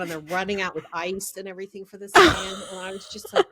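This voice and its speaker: A middle-aged woman, a podcast guest, telling a story in a lively, casual way and laughing as she goes. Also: mid-range voice, fast talker, hardly any pauses, a little hiss or hum.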